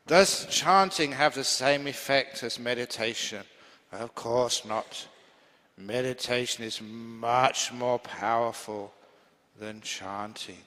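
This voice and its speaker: A Buddhist monk teacher gives a humorous, chatty dharma talk packed with stories, laughing easily as he goes. His medium-pitched voice is pushed and bright, and he takes it slowly. A long hall reverb surrounds the recording.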